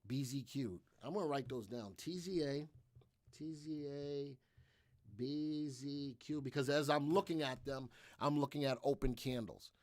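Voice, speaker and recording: A man's voice: medium pitch, unhurried, a little mellow, dry recording, clean studio sound. A man hosting a live trading room, talking energetically and repetitively through his trades while answering viewers' questions.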